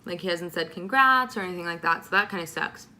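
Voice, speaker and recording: A woman's voice: lowish voice, quick pace, sharp tone. A young pregnant woman answering viewer questions in a casual vlog, talking with lots of ums and likes. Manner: chatty, many ums and likes. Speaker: vlogger.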